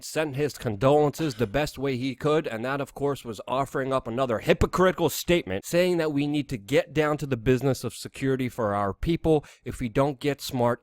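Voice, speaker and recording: A man's voice: medium pitch, no echo, studio quality. A young adult man hosting a news commentary vlog, talking in a sarcastic, emphatic and indignant way. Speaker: host.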